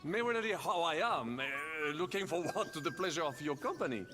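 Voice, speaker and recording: A man's voice: on the high side, very animated, a little fast, a bit bright, faint music behind. An actor playing a scornful male nobleman in a game who makes sneering, sarcastic remarks.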